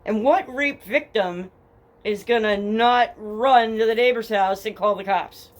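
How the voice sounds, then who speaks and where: A woman's voice: on the high side, measured pace. Profane, sarcastic Jersey woman telling true crime. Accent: New Jersey. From New Jersey. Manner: blunt, profane and sarcastic, reads case documents then mocks them. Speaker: true crime podcast host. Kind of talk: casual true crime storytelling. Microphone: headphones with a home mic.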